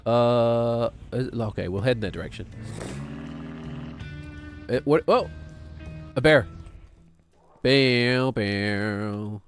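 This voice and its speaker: A man's voice: medium pitch, expressive, slow pace, long pauses, faint music behind. Rambling, joking streamer man. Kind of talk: gaming stream commentary.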